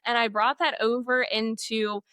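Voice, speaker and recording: Bright, animated woman storyteller. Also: a little high, unhurried, clean tone, dry recording. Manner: animated storytelling, acting out students and herself, frequent laughs. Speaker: guest, literacy educator. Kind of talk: conversational interview.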